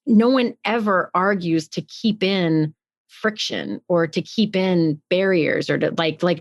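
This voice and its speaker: A woman's voice: lowish voice, moderate pace, no room sound, studio quality. A woman co-hosting a podcast, thinking aloud in casual reflective chat with frequent restarts. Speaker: podcast co-host.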